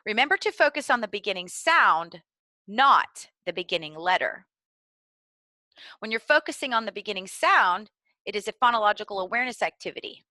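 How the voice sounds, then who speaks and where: A woman giving clear, deliberately enunciated instructional narration for preschool teachers. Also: medium pitch, animated, sharp tone, no echo. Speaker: early literacy trainer.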